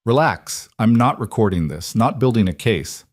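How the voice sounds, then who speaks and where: A weary, blunt female detective, read by a male narrator in his own low voice, pressing her questions in measured, level tones. The sound is dry and close to the mic, with no room around it. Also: lively intonation, no echo. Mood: weary, earnest.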